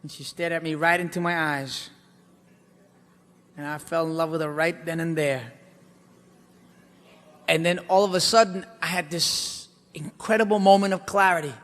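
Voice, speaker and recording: A man performing a brash, animated stand-up monologue, swinging between loud outbursts and hushed asides. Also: fairly high pitch, normal speed, pauses often, big-room sound. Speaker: comedian. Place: theater stage.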